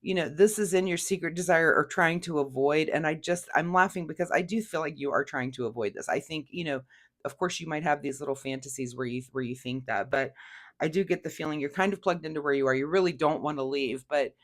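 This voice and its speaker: A woman's voice: low-pitched, fairly quick. A woman giving a casual weekly tarot reading, chatty, laughing often and talking through fillers and restarts. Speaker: tarot reader.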